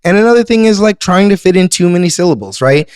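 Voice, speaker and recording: A man's voice: high-pitched, lively intonation, quick pace, darkish tone, clear, resonant tone, no echo, clean studio sound. Man giving songwriting tips. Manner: explains tips to beginners in a teacherly way. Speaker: podcast co-host. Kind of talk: casual chat about songwriting.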